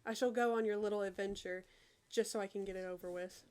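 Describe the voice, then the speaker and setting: An aloof, irritable teenage boy wizard who brushes everyone off, read aloud by a woman. The delivery is flat and plain, with no accent put on, and sounds more like someone reading from a screen than acting. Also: medium pitch, fast, lightly acted. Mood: dismissive. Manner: sighing, dismissive, read aloud from a chat.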